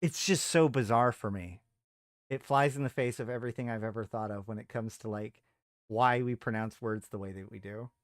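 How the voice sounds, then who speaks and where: A man's voice: lowish voice, normal speed, no room sound, clean studio sound. A man hosting a live stream, thinking aloud in a casual chat with frequent trailing off and restarts. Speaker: streamer host.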